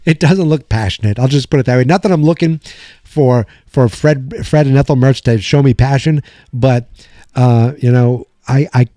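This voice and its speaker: A man's voice: mid-range voice, no echo, studio quality. Rambling man recapping an old sitcom. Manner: rambling, animated retelling with quoted lines. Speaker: podcast host. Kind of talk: casual episode recap.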